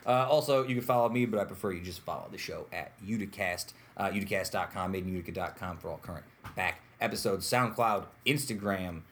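A man's voice: deep voice, a little fast, hardly any pauses. Man hosting a chatty podcast. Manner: animated storyteller, lively acted-out quotes. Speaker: podcast host. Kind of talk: casual podcast chat.

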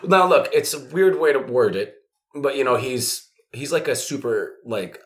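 A man's voice: mid-range voice, expressive, moderate pace. Rambling man reviewing a movie. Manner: loose, rambling, profane, with lots of fillers. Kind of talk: casual movie review chat.

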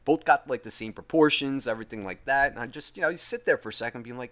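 A man's voice: mid-range voice, fast talker, hardly any pauses, a bit bright. A young man ranting in a profane, rambling, self-mocking monologue, tired after a long day. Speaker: podcast host.

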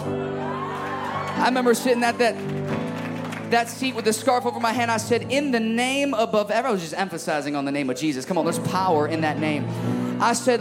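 A man's voice: sits high, sing-song, normal speed. A man from Chicago preaching a sermon in a church, fervent and emphatic, calling out to the crowd. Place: church service. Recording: music playing behind. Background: music.

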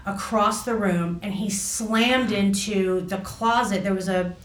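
Woman, personal storytelling, halting, filler-heavy, echoey room, distant from the mic. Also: mid-range voice. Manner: halting, many fillers and restarts. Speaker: guest recounting a personal experience.

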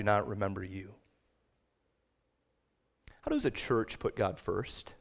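A man preaching a sermon to his congregation, rising to loud, emphatic peaks when he reads scripture and quotes. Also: lowish voice, slow pace, vocal fry, pauses often. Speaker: pastor. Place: church sanctuary.

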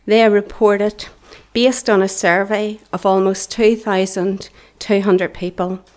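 A woman's voice: mid-range voice, flat delivery, slow pace, a little mellow. A middle-aged woman with a Northern Irish accent speaks to a church congregation. Her preaching is earnest and impassioned, and at times she falls to a near whisper. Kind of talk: preaching testimony.

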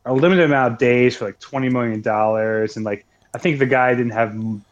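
A man's voice: medium pitch, a little fast, dull audio. A young man co-hosting a podcast, talking casually in a rambling way with many restarts. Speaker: podcast co-host. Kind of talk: casual chat.

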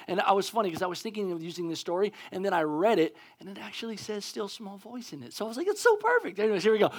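A man preaching a sermon as pastor, casual and conversational, acting out scenes with animated energy. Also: high voice.

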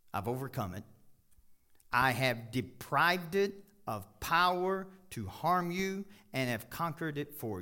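Preacher, folksy, swings from booming highs to hushed lows, forceful tone. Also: male voice. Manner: animated preaching with sudden loud high bursts and drops; folksy, jokes with the congregation. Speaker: pastor. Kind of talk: sermon.

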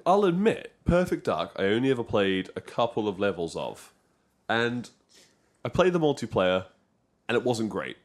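A man doing a casual podcast co-host who talks about old games with a lively, swooping voice. He jokes often and jumps into quick bursts of excitement. The talk is loose and conversational. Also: lowish voice.

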